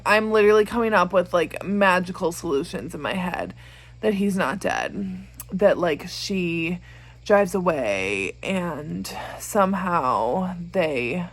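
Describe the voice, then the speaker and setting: A woman's voice: on the low side, vocal fry. A young woman chatting casually in a reading vlog, emotional and rambling, swearing and laughing between thoughts. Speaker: book vlogger.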